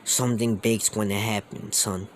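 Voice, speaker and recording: A man's voice: fairly low pitch, level tone, normal speed, slight background noise, lightly acted. A young man voicing an earnest, fatherly superhero captain in a fan story, giving solemn, heartfelt speeches to his son.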